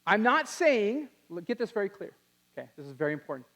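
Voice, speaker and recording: A young man giving an animated talk to a youth audience, acting out quotes in put-on voices. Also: sits high, fast talker. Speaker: youth speaker.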